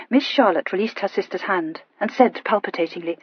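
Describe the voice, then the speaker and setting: A woman's voice: mid-range voice, brisk, hardly any pauses, slightly rough, no echo, dull audio. A woman narrating a novel expressively, voicing each of its characters. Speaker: audiobook narrator. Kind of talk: scripted narration.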